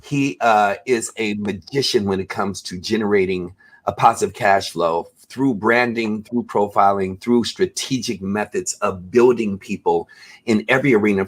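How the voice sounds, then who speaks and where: A man hosting a casual chat show over a video call, talking in long, rambling, effusive runs full of fillers. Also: lowish voice. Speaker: host.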